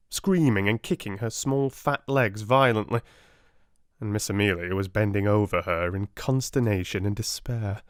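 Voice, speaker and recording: A British man narrating a classic novel as an audiobook in an unhurried, expressive way. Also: on the low side, no room sound, clean studio sound. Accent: British English. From Britain.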